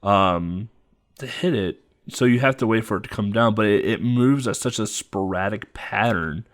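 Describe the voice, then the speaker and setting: A man with a lowish voice co-hosts a podcast, talking loosely through a game's bosses. He rambles, stops and restarts, and fills gaps with ums. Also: moderate pace. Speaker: podcast co-host. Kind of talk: casual chat.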